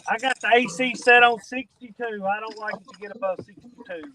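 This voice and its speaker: A man's voice: very high-pitched, fairly even intonation, brisk, pushed and bright. A man hosting a live fishing stream, bantering casually and thanking viewers. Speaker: fishing show host. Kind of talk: casual chat.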